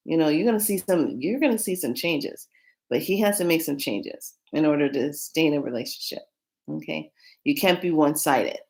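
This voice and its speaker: A woman who reads tarot cards, chatting casually to the camera and retelling what happened with a client in an animated way. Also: low voice, moderate pace. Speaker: tarot card reader.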